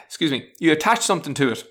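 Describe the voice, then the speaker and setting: A man's voice: on the high side, big pitch swings, quick pace, fairly bright tone. Rambling man sharing everyday advice. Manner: rambling, many restarts and fillers; frank, chatty, self-deprecating. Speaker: teacher sharing self-help tips. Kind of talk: casual spoken advice monologue.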